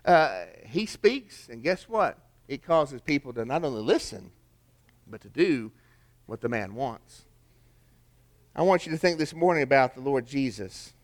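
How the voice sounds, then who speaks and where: A man's voice: medium pitch, big pitch swings, a little slow. An older man, preaching a sermon in a folksy storytelling way with rhetorical questions. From American South. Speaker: pastor.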